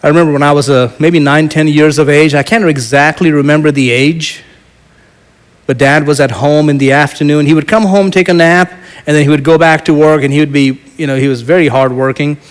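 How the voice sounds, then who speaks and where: A middle-aged male pastor delivering a sermon in a fairly high voice. He tells stories and swings from strong, raised declarations to hushed, confiding asides. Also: steady tone, brisk. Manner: storytelling, swings from loud proclaiming to soft asides.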